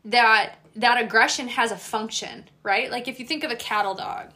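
A woman dog trainer hosting a casual chat, animated, swearing freely and acting out what dogs would say. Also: fairly high pitch, normal speed. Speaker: dog trainer and podcast host.

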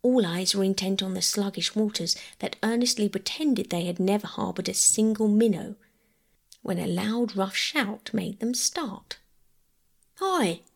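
Gravelly woman reading a bedtime story. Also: medium pitch, normal speed. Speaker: audiobook narrator. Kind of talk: scripted bedtime story narration.

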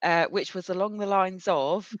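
A woman's voice: fairly low pitch, normal speed, slight background noise. A woman hosting a casual podcast interview, chatty and frank with plenty of fillers. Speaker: podcast host. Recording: dull lo-fi dry sound.

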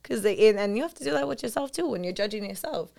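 A woman's voice: medium pitch, animated, quick pace, creaky, a crowd in the background. A woman co-hosting a podcast, talking candidly in casual chat, swearing freely and laughing often. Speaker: podcast co-host.

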